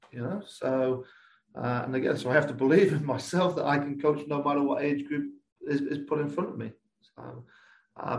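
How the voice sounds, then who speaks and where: A man's voice: medium pitch, gravelly, roomy sound. A man who coaches youth soccer, not American in accent, answering interview questions in an earnest, rambling way with many restarts. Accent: non-American English.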